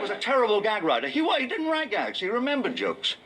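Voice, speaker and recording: An older English comedian and game show host, telling wry anecdotes and dropping into low mock voices for punchlines. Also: male voice, huge pitch swings, quick pace, hardly any pauses, very noisy. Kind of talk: anecdotal stand-up and reminiscence.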